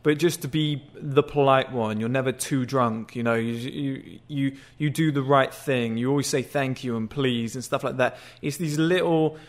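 Man, dating-advice host, blunt and crude, casual talk, mid-pitched voice. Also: normal speed, hardly any pauses. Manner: blunt, crude, conversational, acts out short greetings.

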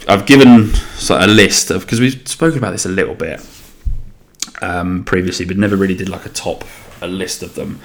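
Rambling, sweary male podcast host. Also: sits low. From England. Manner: chatty, swearing, rambling with restarts. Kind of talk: casual solo podcast rambling.

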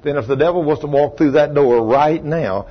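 Pastor, man, husky higher voice, storytelling sermon with big swings in loudness, muffled sound. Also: normal speed. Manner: swings from low quiet telling to loud raised retelling. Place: church sanctuary.

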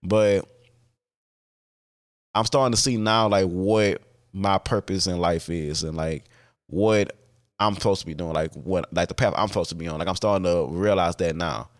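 A man's voice: low-pitched, fairly even intonation, moderate pace. A man hosting a podcast, talking alone in a casual, candid way, with many fillers and restarts and casual swearing. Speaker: podcast host.

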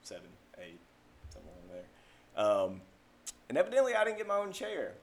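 A man's voice: mid-range voice, huge pitch swings, moderate pace. A man in his thirties with a Southern US accent, chatting casually as a podcast co-host and telling rambling stories. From Mississippi, US. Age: 30s. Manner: rambling storyteller, heavy on filler "like". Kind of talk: casual chat.

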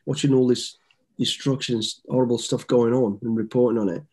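A man's voice: medium pitch, level tone, normal speed, darkish tone, slightly rough. A man in his fifties, a guest telling easygoing, rambling stories with frequent restarts. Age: 50s. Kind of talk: casual storytelling interview.

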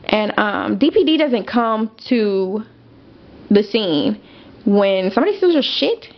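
A young woman hosting a podcast, telling a personal story in a casual, animated, emphatic way with lots of fillers. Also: medium pitch, slow. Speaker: podcast host. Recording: dull lo-fi audio.

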